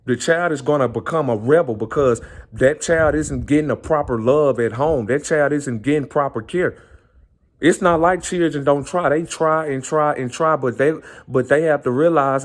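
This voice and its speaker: A man speaking in an earnest, impassioned monologue, circling back and repeating his phrases. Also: mid-range voice. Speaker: vlogger.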